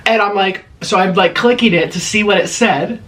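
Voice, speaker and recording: A man's voice: high voice, normal speed, a bit bright. Chatty man telling a story between bites. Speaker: vlogger. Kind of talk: eating vlog with storytelling.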